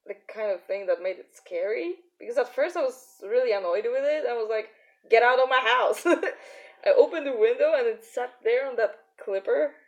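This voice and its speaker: A woman's voice: fairly high pitch, a little mellow, highs cut off. A young woman chatting casually and giggling often while streaming her art. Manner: giggly, chatty, many fillers. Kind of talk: casual live-stream chat.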